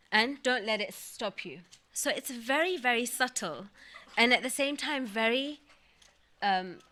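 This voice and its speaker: Woman lecturing on scripture, bright clear tone, explains things step by step, reads out arabic verses. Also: mid-range voice. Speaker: religious speaker. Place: mosque or community hall.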